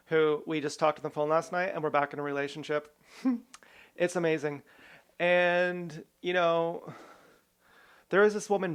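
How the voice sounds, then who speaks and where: A man's voice: on the high side, a bit bright, clean tone. A man talking straight to camera in a rambling, irreverent personal monologue, swearing freely and jumping between grievances. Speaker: vlogger.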